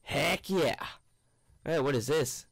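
A man's voice: a little high, takes it slowly, gravelly, no echo. A young man giving goofy, rambling commentary on a game he is playing, with bursts of panicked shrieks. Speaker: gaming YouTuber. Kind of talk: let's play commentary.

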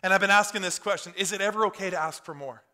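Man, pastor, high and bright voice, fervent conversational sermon in church. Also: fast talker. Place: church in front of a congregation.

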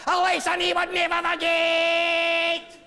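A man's voice: very high-pitched, monotone, slow, in a large hall, soft background music, pitched above the performer's own voice, exaggerated voice. A man voicing a boastful Scotsman who rants theatrically about an old battle. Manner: shouted, theatrical. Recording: live stage with audience noise.

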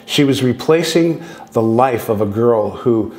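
Mid-range and darkish, this man's voice has lively intonation and a measured pace. A guest speaker on contact experiences in his sixties, he tells long, loose stories, restarting sentences and acting out dialogue, recorded with a roomy echo.

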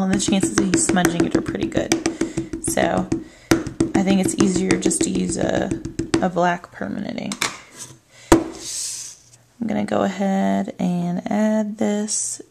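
Woman crafting instructor, unhurried, gravelly voice, calm step-by-step delivery. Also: mid-range voice. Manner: calm, narrating her hands-on work. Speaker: card-making demonstrator.

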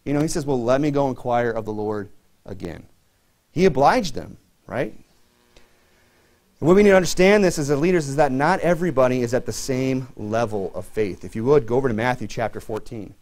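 A man's voice: mid-range voice, brisk, darkish tone. A middle-aged man preaching a sermon to his church in a conversational way, full of "you know" fillers. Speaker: pastor.

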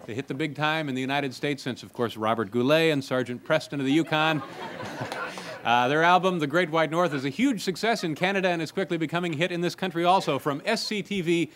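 A man's voice: on the high side, fast talker, fairly bright tone. A man hosting a late-night talk show, with dry, wry introductions. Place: TV studio with audience. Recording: TV studio with crowd noise.

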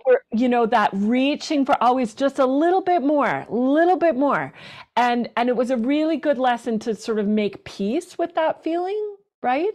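A woman flute player, a professional performer and teacher, chatting in an interview, animated and talkative with lots of restarts. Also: high voice, moderate pace. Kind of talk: casual interview chat.

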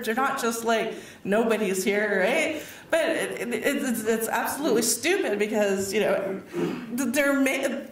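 A woman giving a personal speech at a public event, telling her story in an animated way, full of laughs and acted-out quotes. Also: on the high side. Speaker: award recipient giving a speech. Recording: echoey hall, mic far off.

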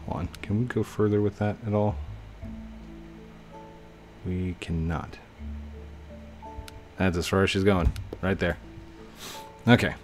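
A young man giving casual gameplay commentary, chatting to himself with sudden excited outbursts. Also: low-pitched, slow, long pauses, soft background music. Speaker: gaming YouTuber.

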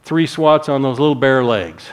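A middle-aged male pastor preaching to his congregation. He tells stories in an animated way and acts out what he said himself, with a voice of ordinary pitch for a man. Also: normal speed, smooth. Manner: animated storytelling, acting out his own stern quotes. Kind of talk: sermon with personal storytelling.

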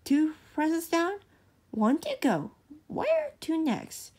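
A woman's voice: wildly swooping pitch, slow pace, mellow, heavily acted. A woman reading a storybook aloud, voicing a bossy, spoiled young princess who barks orders. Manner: commanding, shrill exclamations.

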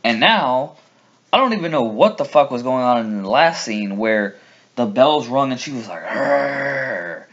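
Profane, animated ranting man. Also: mid-range voice, normal speed. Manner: animated, profane, mock voices for characters. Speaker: vlogger. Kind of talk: casual ranting commentary. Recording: dull lo-fi sound.

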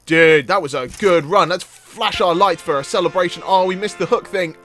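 A man doing let's play commentary, excitable, yelping and laughing at the action on screen. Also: sits high, normal speed, soft background music. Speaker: gaming commentator.

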